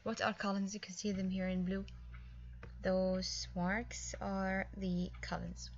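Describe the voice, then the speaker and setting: A woman's voice: medium pitch, level tone, slow pace, lo-fi sound. A woman teaching a recorded English grammar lesson, explaining patiently step by step with small fillers.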